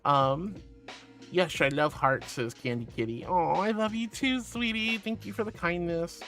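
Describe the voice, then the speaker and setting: A doting man reading chat in a high, sweet voice. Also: unhurried, fairly bright tone, faint music behind. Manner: sweet and doting, calls viewers sweetie and honey. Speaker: VTuber streamer. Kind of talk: casual chat, reading chat aloud.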